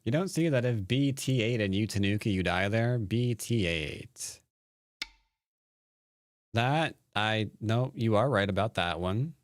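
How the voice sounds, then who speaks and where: A somewhat low-pitched man talking casually into a close mic, his voice dry with no room around it. He commentates a game of Go and banters with viewers, playful and jokey, tumbling over restarts. A tired edge runs through it. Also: expressive, a little slow, no echo. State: tired from little sleep. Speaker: Go player and teacher streaming a game. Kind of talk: casual live-stream commentary answering chat.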